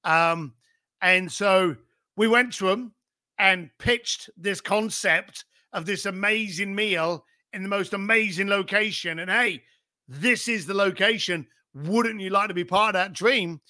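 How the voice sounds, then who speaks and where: A middle-aged man with a high, bright, sharp voice tells business stories in an emphatic, animated way. He strings rhetorical questions together and swears casually. The recording is close and dry. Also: unhurried, no echo. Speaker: podcast guest.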